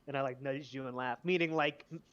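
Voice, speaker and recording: A man's voice: medium pitch, steady tone, a little fast, fairly bright tone, muffled recording. A man joking and laughing often while playing in a tabletop role-play session over voice chat. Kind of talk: casual joking chat in voice call.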